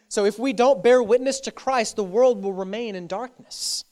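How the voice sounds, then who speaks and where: A man's voice: high-pitched, normal speed, a little mellow. A male pastor preaching a sermon earnestly, repeating key phrases for emphasis.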